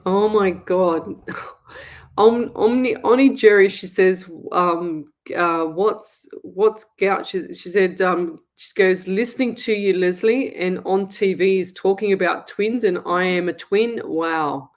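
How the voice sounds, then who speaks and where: A woman from Australia hosting a live psychic show, reading viewer comments aloud and exclaiming excitedly, with frequent laughs and affectionate asides. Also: mid-range voice, slow pace.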